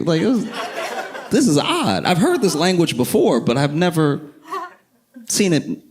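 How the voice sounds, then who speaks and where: A man doing stand-up, telling a story calmly and dryly and building to punchlines. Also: on the high side, a little slow, pauses often, crowd noise. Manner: calm, dry, building to punchlines. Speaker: stand-up comedian. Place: comedy stage. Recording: live stand-up recording with noise.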